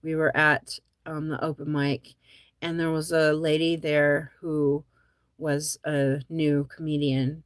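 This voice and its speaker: A woman's voice: low-pitched, dry recording, studio quality. A woman comedian hosting a show, chatting casually and rambling, often laughing at her own jokes. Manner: rambling with many likes and ums. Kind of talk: casual chat to viewers.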